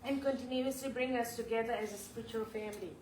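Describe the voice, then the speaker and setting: A woman giving a heartfelt homage in a temple hall, speaking haltingly and apologetically, moved to tears. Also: on the high side, fairly even intonation, darkish tone. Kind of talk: emotional spoken tribute. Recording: echoey hall, voice from far off, clear background noise.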